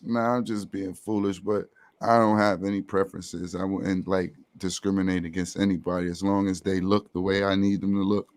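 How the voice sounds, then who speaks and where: A man's voice: deep voice, little pitch movement, moderate pace, no echo. Joking man in loose banter. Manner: loud joking, laughs at his own lines. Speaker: podcast co-host. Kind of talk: casual banter.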